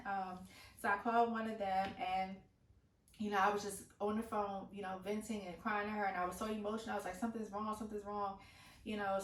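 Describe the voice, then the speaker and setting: Woman in her thirties, mid-pitch, emotional personal story with stops and restarts, recorded off-mic in an echoey room. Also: far from the mic, a little hiss or hum. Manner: emotional retelling with many restarts and fillers. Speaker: mother telling her birth story.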